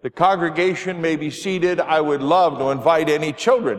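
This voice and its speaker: Pastor with a lively voice in a reverberant church. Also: male voice, on the high side, normal speed. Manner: gentle, playful with children, rising to emphatic exclamations. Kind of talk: gospel reading and children's sermon. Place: church sanctuary.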